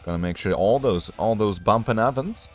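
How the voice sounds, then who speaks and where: A man's voice: on the low side, moderate pace, faint music behind, close to an everyday voice. A man putting on an Australian accent to play a crude, joking Australian bloke in a rambling comic bit. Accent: put-on Australian. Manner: rambling, bawdy, repetitive. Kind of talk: improvised comic bit while painting.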